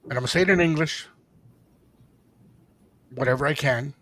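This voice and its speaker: A middle-aged man co-hosting a radio show, telling a story in a lively way and acting out the voices of the people in it. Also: mid-range voice, normal speed, no room sound. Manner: animated, acts out quoted voices, mixes in Spanish phrases. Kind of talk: casual storytelling chat.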